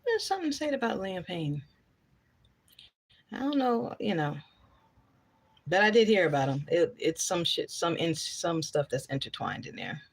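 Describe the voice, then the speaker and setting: A woman's voice: lowish voice, very animated, moderate pace, pauses often, slightly rough. A woman, chatting casually on a live stream, reading out viewer comments and answering them bluntly.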